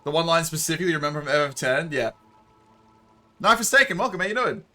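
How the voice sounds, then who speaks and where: A male streamer chatting casually into a desk mic, laughing often and swearing freely. His voice sits a little high and bright, and his pitch jumps around a lot. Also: lively intonation, quick pace, faint music behind. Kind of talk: casual live-stream chat.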